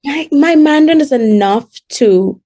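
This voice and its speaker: A woman in her twenties from the Bahamas with a Bahamian accent, chatting casually as a call-in guest and telling quick stories with laughs. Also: sits high, animated, warm tone. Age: 20s. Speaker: guest calling in. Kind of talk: casual chat.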